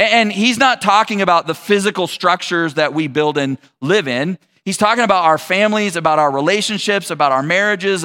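A male pastor giving a conversational sermon, telling a personal story with animated asides. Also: sits high.

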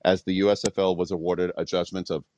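Very deep-voiced man telling a story. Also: flat delivery, quick pace, darkish tone, highs cut off. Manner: reads facts with fillers and restarts. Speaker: podcast host. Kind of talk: casual recap of a topic.

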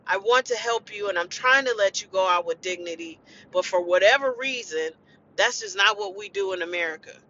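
A woman's voice: mid-range voice, big pitch swings, brisk, bright, forceful tone, slight background noise. A woman caregiver talking in a blunt, emotional monologue, venting with profanity as a podcast host. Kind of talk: impassioned personal monologue. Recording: dull lo-fi recording.

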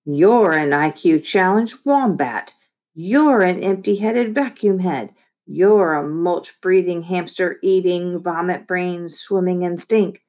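A woman's voice: lowish voice, very animated, measured pace, slightly rough, full character voice. A woman doing a whiny indignant young boy. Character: clever young boy friend, sulky.

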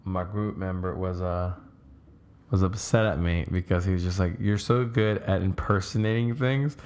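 A man hosting a casual podcast chat, animated and emphatic. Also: deep voice, moderate pace. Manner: animated, emphatic, laughs often.

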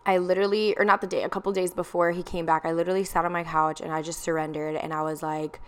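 A woman's voice: lowish voice, little pitch movement, fast, hardly any pauses, clean tone. A young woman telling a candid personal story in a confessional vlog, with plenty of ums and likes.

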